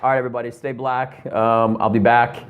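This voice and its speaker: A man's voice: medium pitch, level tone, fairly quick, phone-quality sound, background noise. Rambling, profane male comedian. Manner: rambling, profane, lots of ums. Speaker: comedian vlogger.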